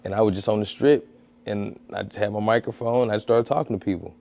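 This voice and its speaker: A male comedian who makes street-interview content chats casually in a podcast interview, animatedly telling stories, acting out quotes in a high voice, and often restarting his sentences. He talks quickly with vocal fry. Though captured on a podcast studio mic, the sound is muffled.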